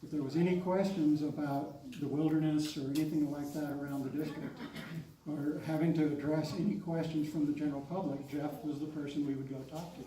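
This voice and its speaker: A man pays tribute to a coworker at a memorial, pausing and restarting often. His voice is fairly high but very dark, and it barely moves in pitch. He is heard from a distance in an echoey hall. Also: fairly even intonation. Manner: halting and hesitant. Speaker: coworker giving a eulogy.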